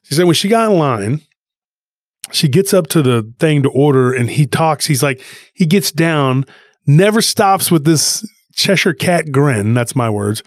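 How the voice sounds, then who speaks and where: Male podcast co-host, rambling animated storyteller, dry close sound. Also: a little high, unhurried, no echo. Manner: rambling, animated retelling with frequent restarts.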